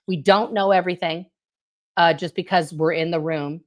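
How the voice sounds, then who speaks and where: A middle-aged woman with a fairly low voice talks through her thoughts on a casual livestream. She rambles reflectively, leaning on fillers and checking in with her listener. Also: fairly even intonation, normal speed. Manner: reflective, rambling, many fillers like "you know what I mean". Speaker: co-host.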